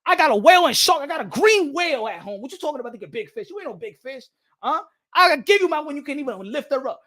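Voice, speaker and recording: A man putting on a brash male boxer who loudly taunts a smaller rival. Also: extremely high pitch, very animated, fast, heavily acted. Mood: taunting. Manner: loud, taunting, shouting.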